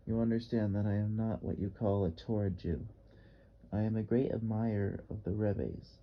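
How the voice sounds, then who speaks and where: A blunt, strong-voiced artist with a vague Russian accent, as a male audiobook reader puts him on. He speaks in insistent, repeated commands, with a low-set voice. The recording sounds dull and slightly lo-fi. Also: moderate pace, lightly acted. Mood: commanding. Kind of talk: audiobook character reading.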